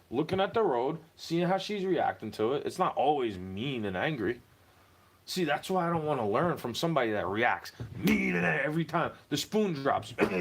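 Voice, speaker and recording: A man's voice: medium pitch, fairly bright tone. A young man ranting to camera in a heated, profane monologue, slipping into mocking put-on voices.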